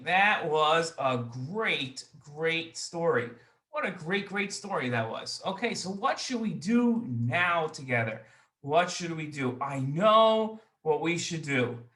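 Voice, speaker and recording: A man's voice: high voice, sharp tone, echoey room. A man hosting a children's show, talking to kids with lots of energy and repeating his phrases. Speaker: host of a children's Jewish show. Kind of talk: upbeat kids' show hosting and storytelling.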